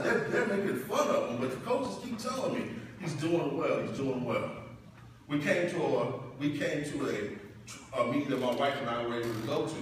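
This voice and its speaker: Middle-aged dad giving a graduation speech like a sermon, voice sitting a bit high, big echoey hall, mic far off. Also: male voice, expressive, fairly quick, a little hiss or hum. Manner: preacherly, swells loud and high when building up. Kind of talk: commencement speech with personal stories. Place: large hall or church.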